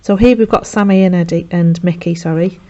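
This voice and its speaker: A woman's voice: lowish voice, fairly even intonation, warm tone. A woman teacher, chattily retelling a play for revision and acting out the characters' lines. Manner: chatty, acts out characters' lines in quick voices. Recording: dull lo-fi sound.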